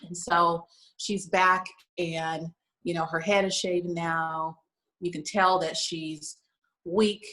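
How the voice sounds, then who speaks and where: A woman's voice: lowish voice, fairly even intonation, takes it slowly, fairly bright tone, rough recording. A woman guest on a talk show, sharing an emotional story in an earnest, conversational way, with frequent "you know" fillers. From United States. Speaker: guest, lingerie shop owner.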